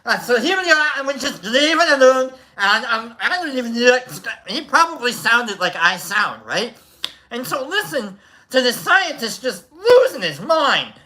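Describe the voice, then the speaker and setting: A man's voice: extremely high pitch, big pitch swings, normal speed, bright, forceful tone. A man hosting a livestream who tells a rambling, casual story, swearing freely and restarting his sentences often. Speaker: livestream host.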